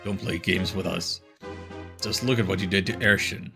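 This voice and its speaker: A man's voice: deep voice, fairly even intonation, normal speed, gravelly, over music. A man voicing a hot-headed young man in a game, accusing and angry.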